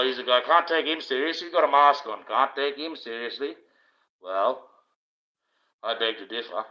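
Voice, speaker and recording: A man with a medium-pitched, bright, forceful voice hosts a livestream indoors while wearing a mask. He preaches in a rambling, blunt, profane monologue, and the livestream audio is dull and lo-fi.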